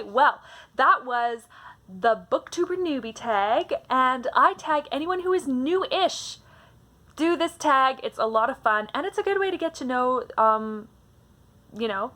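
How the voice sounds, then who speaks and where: Woman, book vlogger, bubbly and hyper, voice sits a bit high. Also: sharp tone. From Canada. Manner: hyper and bubbly, chatty with frequent restarts. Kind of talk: casual book tag vlog.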